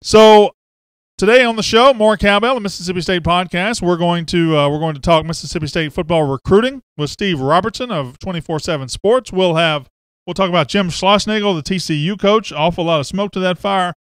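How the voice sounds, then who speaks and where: A man hosting a sports podcast, excitable and brash, speaking from a studio. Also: sits high, fairly quick, clear, resonant tone, no room sound. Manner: excitable, brash, loud bursts. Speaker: podcast host. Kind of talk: energetic sports podcast talk.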